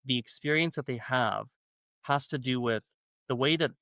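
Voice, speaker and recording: A man's voice: mid-range voice, moderate pace, fairly bright tone, dry recording, clean studio sound. Talkative man hosting a podcast. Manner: talkative, gives long examples from personal experience. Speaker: podcast host. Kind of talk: casual conversation.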